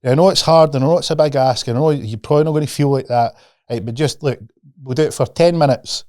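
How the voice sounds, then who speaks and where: A podcast guest, a man, coaching in a loose, animated way and slipping into other people's voices as he tells stories. His voice sits at a middling pitch. The sound is dry and close, with no room heard. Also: fast, dry recording. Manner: animated, swears freely, acts out quoted voices. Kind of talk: casual podcast conversation.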